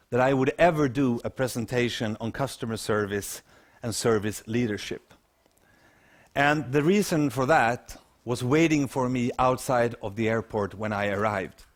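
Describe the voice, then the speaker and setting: Swedish man telling a story on stage. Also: mid-range voice. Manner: lively anecdotal storytelling with acted quotes. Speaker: keynote speaker. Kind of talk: storytelling talk to an audience.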